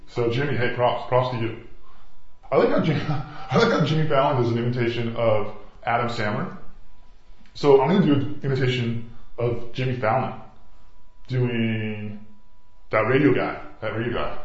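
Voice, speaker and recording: A podcast host with a medium-pitched voice rambles through loose, casual chat at a moderate pace, pausing often, swearing and chuckling. The room is echoey and the sound dull, with faint guitar music in the background.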